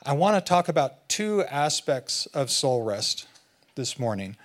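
A man filling in as guest preacher, giving a conversational sermon and slowing down to stress key phrases. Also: mid-range voice, sing-song. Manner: conversational, slows down for emphasis.

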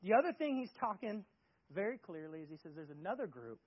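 A man's voice: high-pitched, sing-song, a little fast, breathy edge, muffled recording. A male pastor preaching a sermon in an emphatic, conversational way, with many rhetorical questions.

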